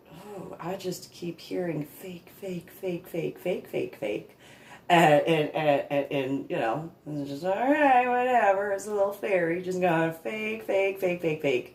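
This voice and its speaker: Woman reverend, 40s, unhurried rambling storyteller, echoey room recording. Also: low voice, a little mellow. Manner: rambling, repeats words, sarcastic asides. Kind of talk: personal storytelling monologue.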